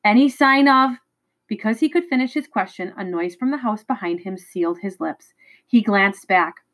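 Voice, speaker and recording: A woman reads a novel chapter aloud in a mid-pitched voice. She is expressive and dramatic, with an occasional stumble over a word. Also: normal speed, rough recording. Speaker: reader.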